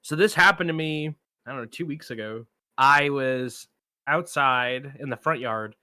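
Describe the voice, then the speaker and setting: Speaking at a measured pace, this man has a smooth, medium-pitched voice with no room sound. As a film podcast co-host, he relates a lengthy anecdote during casual chat, lively in manner and voicing the people he quotes.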